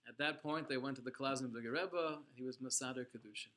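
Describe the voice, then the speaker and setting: A man's voice: mid-range voice, fast, a bit bright, slight background noise. A man teaching a religious class, telling a story dramatically and with emphasis, using Hebrew and Yiddish terms. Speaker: Torah teacher.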